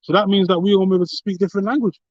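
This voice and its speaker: A man's voice: high-pitched, fairly even intonation, very fast, no room sound, muffled recording. A man with a London accent in a casual religious discussion, talking fervently and often saying "man" and "you know". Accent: London English. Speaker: co-host.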